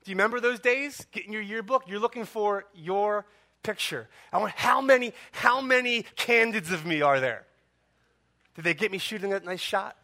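A man preaching a sermon as pastor, impassioned and full of rhetorical questions and dramatic pauses. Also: high voice, expressive, pushed and bright.

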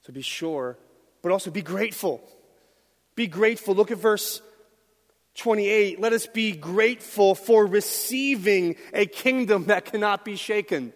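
A middle-aged man preaching a sermon as pastor, swinging from quiet talk to loud shouts. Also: sits high, expressive, unhurried. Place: church hall. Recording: long hall reverb.

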